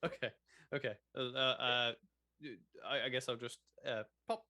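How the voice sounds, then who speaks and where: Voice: mid-range voice, unhurried, noisy background. A player in a tabletop game, voicing a flustered, stammering character.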